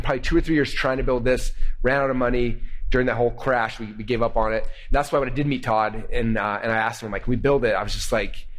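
Fast-talking, excitable man storyteller. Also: medium pitch. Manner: excited, animated retelling with acted-out quotes. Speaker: speaker telling a founding story. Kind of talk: storytelling talk to an audience. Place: presentation room with slides.

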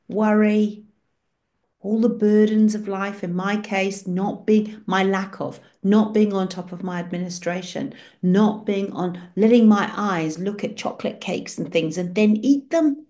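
A woman's voice: mid-range voice, warm tone. A woman leading an online prayer session on a video call, speaking in an encouraging, storytelling way. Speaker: prayer group leader.

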